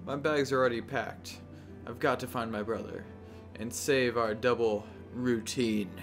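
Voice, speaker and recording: Creepy slow jester lady in a game done by a guy, eerie and theatrical, faint music behind. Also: mid-range voice, fairly even intonation, close to an everyday voice. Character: creepy jester woman, rhyming acrobat.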